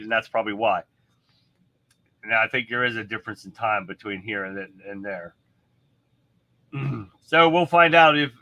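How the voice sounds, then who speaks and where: A man's voice: mid-range voice, sharp tone. A man hosting a live stream, chatting off the cuff in a rambling, blunt way with some mild swearing. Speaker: livestream host. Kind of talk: casual live-stream chat.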